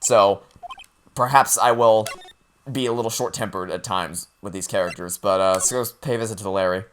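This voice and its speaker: A man's voice: fairly low pitch, moderate pace, a bit bright, slight background noise. A man playing a video game, reading its lines aloud and adding blunt, sarcastic remarks that turn angry. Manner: blunt, sarcastic and easily riled. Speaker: let's play gamer.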